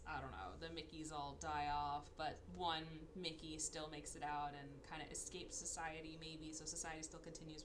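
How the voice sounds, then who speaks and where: A woman co-hosting a podcast, guessing in a lively, speculative way what happens in a film. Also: low voice, a little hiss or hum. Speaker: podcast co-host. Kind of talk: casual chat.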